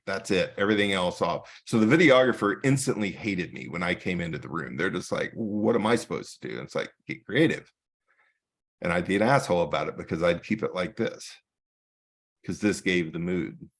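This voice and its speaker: A man's voice: deep voice, lively intonation, normal speed. A man giving a casual talk as a photographer, telling stories and acting out the dialogue. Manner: storytelling with acted-out dialogue. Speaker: guest speaker, photographer. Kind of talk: casual presentation.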